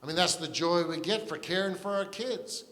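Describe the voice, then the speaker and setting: Male pastor, fairly high voice, chatty earnest sermon, long church reverb. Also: normal speed, a bit bright. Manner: conversational and earnest, with frequent restarts and asides. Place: church sanctuary.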